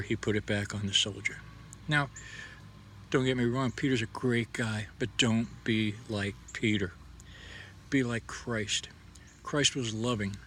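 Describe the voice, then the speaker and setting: A man's voice: mid-range voice, pushed and bright. A middle-aged man giving a casual, folksy devotional talk, rambling and stammering through restarts. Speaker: host. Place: outdoors under a tree.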